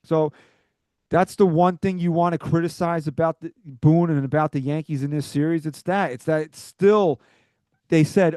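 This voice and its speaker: Fan-show host, male, higher voice, heated rant, dry and close. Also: moderate pace, darkish tone, dry recording. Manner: agitated, ranting, swears. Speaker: podcast host. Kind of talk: sports talk podcast.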